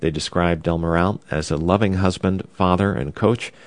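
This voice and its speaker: A man delivers a radio news report with a measured, even cadence. His voice sits very low and sounds close and dry, with no room around it. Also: no echo. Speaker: news anchor.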